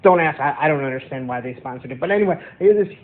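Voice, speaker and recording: A man's voice: a little high, animated, very fast, natural voice. A man playing a laid-back young skateboarder eyewitness who stumbles over his words. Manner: loose, stumbling, casual. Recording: tinny phone-like line.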